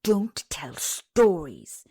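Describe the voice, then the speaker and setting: A woman's voice: lively intonation, slow pace, breathy edge, exaggerated voice. A woman voicing an angry nursemaid who scolds a child sharply. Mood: scolding. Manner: scolding, shrill.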